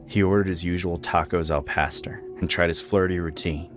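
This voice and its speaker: Deep-voiced man narrating horror. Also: normal speed, hardly any pauses, faint music behind. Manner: dramatic, expressive storytelling.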